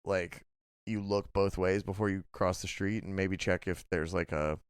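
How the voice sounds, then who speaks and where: A young man co-hosts a late-night podcast, chatting casually and rambling through his stories with lots of filler and swearing. His voice sits low and comes through smooth and resonant. The close mic keeps it dry, with no room sound. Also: fairly even intonation, moderate pace, dry recording. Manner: rambling storytelling full of "like" and swearing. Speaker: podcast co-host.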